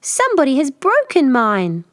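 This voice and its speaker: Woman doing a squeaky little baby bear. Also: wildly swooping pitch, moderate pace, a bit bright, dry recording, studio quality, full character voice. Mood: upset. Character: small squeaky baby bear, tearful and upset.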